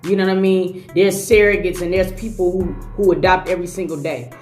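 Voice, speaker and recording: A young woman riffs on a clip in a slangy, emphatic, chatty manner. Her voice sits a bit low, and it bounces around an echoey room with a soft music bed underneath. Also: fairly even intonation, a little fast. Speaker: reaction video host. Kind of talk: casual reaction commentary.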